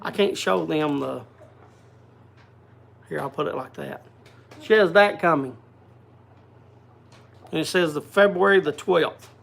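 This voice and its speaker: A man's voice: fairly high pitch, measured pace, gravelly, pauses often, a bit bright. A man hosting a casual livestream, chatting and greeting viewers by name. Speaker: livestream host. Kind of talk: casual chat.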